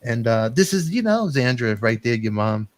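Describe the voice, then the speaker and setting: A middle-aged man hosting a talk show, rambling through animated, emotional storytelling and quoting friends. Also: medium pitch, moderate pace, dry recording. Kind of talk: emotional casual chat.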